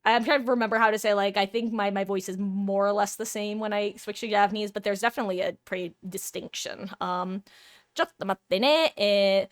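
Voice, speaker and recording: A woman's voice: mid-range voice, level tone, fast, hardly any pauses, no echo. A woman chatting casually on a live stream, her mid-range voice close and dry. She rambles and restarts, laughing often at her own attempts. Her tone stays self-deprecating. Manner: frequent restarts and filler words.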